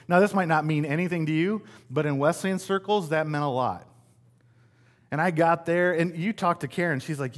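A middle-aged pastor from West Michigan, USA, preaches a sermon in a brisk, slightly high voice. His style is conversational and self-deprecating, and he puts rhetorical questions to the congregation.

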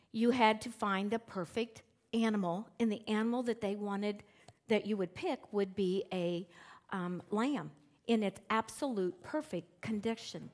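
A middle-aged woman preaching a sermon in a church, talking casually to the congregation and acting out the quotes she reads. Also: mid-range voice. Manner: conversational and animated, acts out quotes with shifting emphasis. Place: church sanctuary with screens.

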